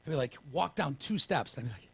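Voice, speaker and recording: Fields: Sex: man. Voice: gravelly, husky. Style: rambling podcast storyteller. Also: on the high side, expressive, fast. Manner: rambling storyteller, swears freely, restarts often. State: recovering from pneumonia, winded. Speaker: podcast host. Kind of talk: casual podcast chat.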